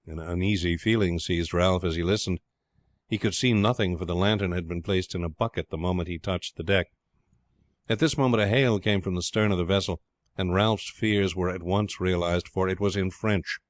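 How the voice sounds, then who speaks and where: A man narrating an adventure novel with a steady, measured reading. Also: sits low, dry recording. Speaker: audiobook narrator. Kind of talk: scripted narration.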